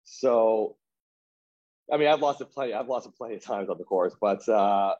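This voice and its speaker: A man's voice: on the low side, normal speed, a little mellow, dull audio. A man telling a story in casual chat, rambling with lots of "like" and restarts, laughing at himself.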